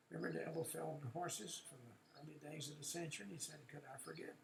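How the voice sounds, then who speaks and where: A man hosting a radio show, reading strange animal stories aloud, often halting with uh's and restarts. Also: fairly high pitch, gravelly, roomy sound, a little hiss or hum, poor audio.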